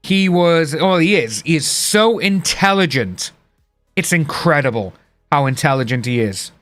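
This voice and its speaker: Male streamer, casual rambling chat, slightly high voice, soft music underneath. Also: lively intonation, a little slow. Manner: rambling, chatty, reads out chat names. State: hiccups. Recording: faint music behind.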